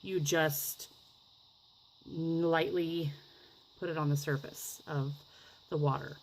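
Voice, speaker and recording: Woman, craft vlogger, unhurried, gushing, rambling, slips into whispers, faint background hiss. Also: low-pitched, steady tone, darkish tone, poor audio. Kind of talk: casual crafting demonstration.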